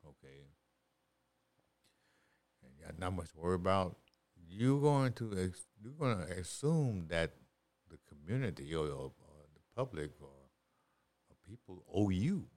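A man's voice: deep voice, big pitch swings, unhurried, long pauses, a little mellow. A middle-aged man giving life advice in a casual podcast chat, repeating and restarting his words as he preaches. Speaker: podcast guest.

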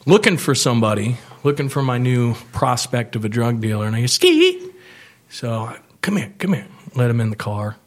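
A man's voice: mid-range voice, fairly even intonation, brisk, hardly any pauses. A man telling a wild story from his past as a podcast guest, swearing freely and acting out the voices of the people in it. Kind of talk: casual storytelling.

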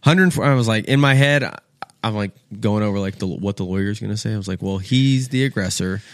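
A man's voice: lowish voice, brisk. Casual, swearing young man telling a story. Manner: animated, swears freely, acts out quoted voices. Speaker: podcast guest.

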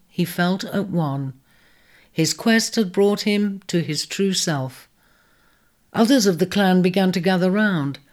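A woman narrating a storybook in a steady, measured way. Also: lowish voice. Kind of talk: storybook reading.

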